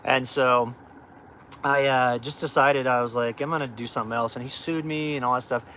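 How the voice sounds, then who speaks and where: A man's voice: medium pitch, fairly even intonation, moderate pace, sharp tone, a little hiss or hum, rough recording. A middle-aged man hosting a livestream, telling his life story in a candid, rambling way with lots of fillers and restarts. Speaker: off-grid channel host.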